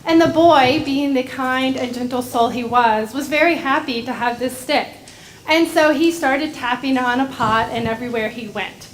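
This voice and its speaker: A woman gently telling a story to children during a church service. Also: high voice, moderate pace, slight background noise. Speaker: director of religious education. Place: church sanctuary.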